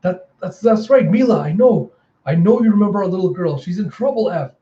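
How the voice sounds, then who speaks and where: A man's voice: high-pitched, normal speed, mellow, roomy sound, dull audio, voice pushed up, close to an everyday voice. A man voicing a desperate captive father in a comic readthrough, pleading in a strained, raised voice.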